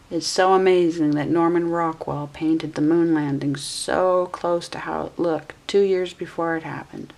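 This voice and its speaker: A woman's voice: deep voice, fairly even intonation, a little slow, vocal fry, few pauses, darkish tone, a little hiss or hum. A woman in her forties giving a casual tarot reading, musing aloud and correcting herself as she goes. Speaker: tarot reader.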